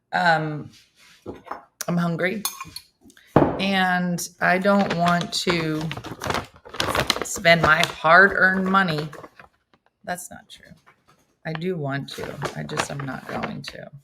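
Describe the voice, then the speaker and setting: Her voice is low and the recording very noisy. She's a middle-aged woman hosting a laid-back morning show, chatting and joking with viewers in an animated way as she cooks.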